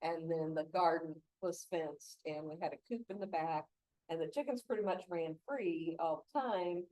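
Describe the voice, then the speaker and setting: A woman's voice: on the low side, moderate pace, a little mellow, no room sound. Chatty woman telling garden stories. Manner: chatty, laughs often, many fillers. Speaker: gardening instructor. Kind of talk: casual gardening talk with stories.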